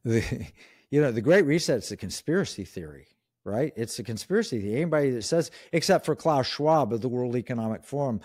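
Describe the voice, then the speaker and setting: A man's voice: medium pitch, lively intonation, quick pace, a little mellow, dry recording, clean studio sound. A middle-aged man speaking as a guest in an interview, emphatic and opinionated, with frequent restarts. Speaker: guest, economic commentator. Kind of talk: interview conversation.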